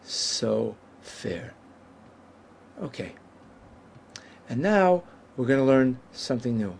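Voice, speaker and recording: A man teaching a Hebrew lesson at a whiteboard, explaining patiently and saying each Hebrew word slowly and carefully. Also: mid-range voice, sing-song, creaky, a little mellow, slightly rough.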